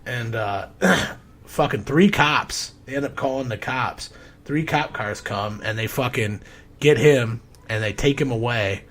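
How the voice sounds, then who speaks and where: A man who works as a home inspector tells a story in casual podcast talk. His pitch sits mid-range, he swears freely, and he keeps stopping to clear his throat. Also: a little slow, a bit bright. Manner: rambling, profane, frequent throat clearing.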